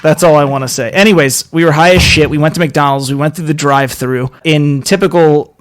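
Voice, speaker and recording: A man's voice: fairly high pitch, steady tone, brisk. A young adult man hosting a podcast in casual chat, joking and rambling with many restarts. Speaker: podcast host.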